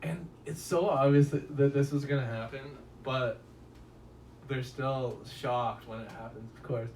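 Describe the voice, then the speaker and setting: A man's voice: medium pitch, steady tone, measured pace, darkish tone, recorded from a distance. A man talks through a movie review in a loose, rambling way, swearing freely and chuckling at his own stories. His mid-range voice sits a little away from the mic. The room is echoey, with a faint hum of background noise. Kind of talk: casual spoken film review.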